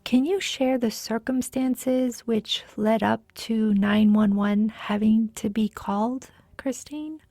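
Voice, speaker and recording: A woman hosting a podcast, asking her guest questions slowly and gently. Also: a little high, no room sound, studio quality. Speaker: podcast host. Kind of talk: interview questions.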